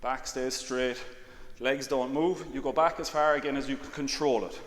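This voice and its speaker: A man leading an exercise class, calmly cueing breaths and counting reps, with "all right" again and again. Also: mid-range voice, moderate pace. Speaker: exercise instructor. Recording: long reverb, faint background noise.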